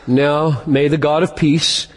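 A man preaching a sermon as pastor, emphatic and slowing down to stress key words. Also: a little high, fairly even intonation. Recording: long hall reverb.

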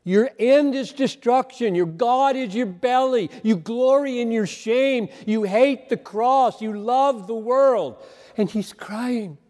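High-voiced earnest preacher in a reverberant hall. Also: male voice, a little mellow. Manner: earnest, emphatic, with deliberate pauses. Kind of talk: sermon on a Bible passage.

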